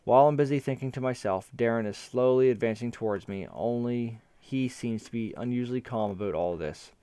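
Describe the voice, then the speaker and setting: A man's voice: mid-range voice, brisk, mellow, clean tone, no echo. A man reading an interactive fantasy story aloud in the first person, narrating events and his character's nervous thoughts.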